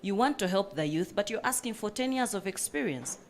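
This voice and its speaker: A woman's voice: mid-range voice, expressive, a little fast, a little hiss or hum. A woman panelist who runs a coffee business, speaking earnestly and with passion at a panel discussion, with many fillers.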